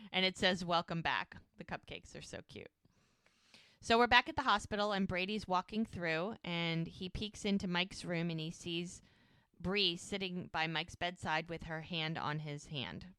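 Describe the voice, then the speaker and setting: A woman's voice: fairly low pitch, a little slow, bright, forceful tone, clean tone, dry recording, clean studio sound. A woman co-hosting a podcast, casually retelling TV scenes and quoting characters' lines. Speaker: podcast co-host. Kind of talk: casual recap chat.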